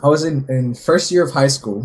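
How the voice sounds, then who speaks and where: A man's voice: medium pitch, a little fast, darkish tone. A young man from Peru telling a story in casual podcast chat, rambling with many filler words and swearing. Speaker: podcast co-host.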